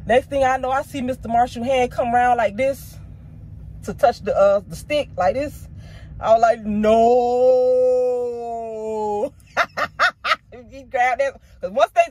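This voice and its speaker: A woman's voice: high-pitched, darkish tone. A woman vlogger casually telling a personal story to her viewers, candid and emotional, with slangy asides.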